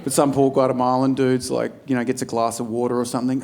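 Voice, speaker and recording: A man's voice: little pitch movement, fast, few pauses. A man in his forties with an Australian accent, doing blunt, sweary stand-up comedy in a large venue. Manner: blunt, swearing, jumps into loud high-pitched bits. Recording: live stage recording with audience noise.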